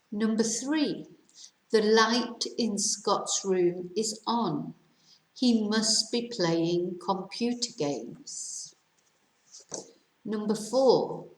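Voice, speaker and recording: A British woman teaching English, reading quiz sentences aloud slowly and carefully with countdowns. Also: mid-range voice, reverberant, poor audio. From Britain. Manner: careful slow dictation with countdowns.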